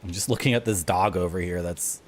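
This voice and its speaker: A woman's voice: extremely low pitch, fairly quick, slight background noise. A woman streamer rambling through casual, self-mocking gaming commentary.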